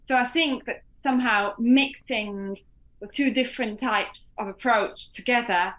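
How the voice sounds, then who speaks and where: A woman musician talks in an interview, thinking aloud and restarting her sentences as she goes. Her voice sits fairly high. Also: measured pace, fairly bright tone. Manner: hesitant, thoughtful, often restarts. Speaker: musician guest. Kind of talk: casual interview.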